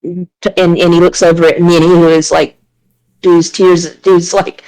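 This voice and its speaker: A woman's voice: on the low side, level tone, measured pace, a little mellow, low-quality recording. Woman rambling through a game scene. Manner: rambling and playful. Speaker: player. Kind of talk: narrating her character in a tabletop game.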